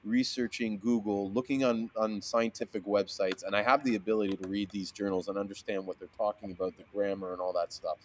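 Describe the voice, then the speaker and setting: A man telling a story in casual conversation, swearing freely, restarting his sentences and acting out the voices of the people in it with big jumps in pitch. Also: fairly even intonation, brisk, few pauses, a little hiss or hum. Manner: fillers and frequent restarts. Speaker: seamoss seller, guest. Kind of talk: animated storytelling in a casual interview.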